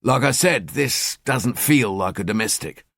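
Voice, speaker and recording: A man's voice: lively intonation, measured pace, vocal fry, a bit bright, dry recording, clean studio sound, full character voice. A man voicing a brooding, terse male detective inspector in an audiobook. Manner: terse, low-key.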